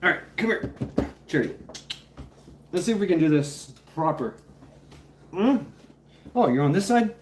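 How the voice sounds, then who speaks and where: A man with a slightly high voice hosts a casual live stream. He rambles freely, swings his pitch widely, greets chatters one by one, and drops into a coaxing, playful tone with his dog. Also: very animated, normal speed, pauses often. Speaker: livestream host. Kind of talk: casual live chat with viewers.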